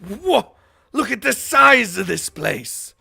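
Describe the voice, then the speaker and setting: A man puts on a hearty, wide-eyed stranger who loves old pirate lingo, rolling out each word with theatrical relish. The voice sits high and bright with a gravelly edge. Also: animated, slow, no echo, soft background music, exaggerated voice. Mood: awestruck. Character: otherworldly man speaking stagey pirate lingo.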